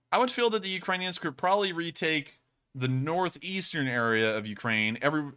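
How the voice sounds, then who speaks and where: Bright-voiced male war news streamer. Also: mid-range voice, clear, resonant tone. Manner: chatty, sarcastic, frequent fillers and restarts. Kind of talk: live-stream news commentary.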